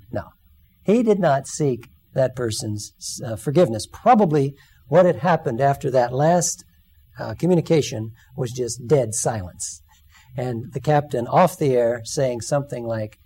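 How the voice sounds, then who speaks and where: A man's voice: medium pitch, animated, a little slow, dark tone, husky. A man giving a sermon, telling stories and acting out the quoted lines. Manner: storytelling, acts out quoted lines. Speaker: speaker.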